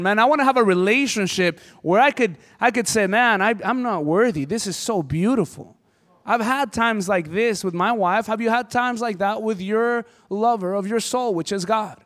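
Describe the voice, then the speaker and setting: A man's voice: sits high, a bit bright. A man preaching a sermon as pastor, impassioned and conversational. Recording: hall reverb.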